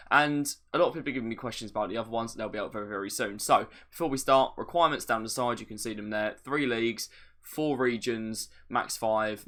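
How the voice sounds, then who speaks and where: Chatty man with gravelly low voice. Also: a bit bright. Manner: chatty, explains steps plainly, light self-deprecating asides. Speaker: gaming video creator. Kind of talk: casual gameplay tutorial commentary.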